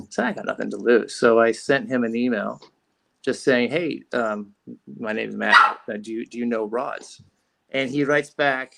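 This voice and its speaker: Man, gravelly voice, middle pitch, casual rambling storyteller, podcast guest. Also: normal speed, a bit bright, slight background noise. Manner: rambling, frequent restarts and fillers. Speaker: podcast guest, fishing rod company founder.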